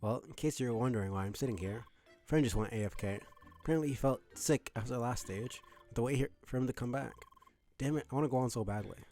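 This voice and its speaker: A man's voice: mid-range voice, fast talker, mellow, soft background music, natural voice. A man voicing an impatient young man who chats casually. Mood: restless.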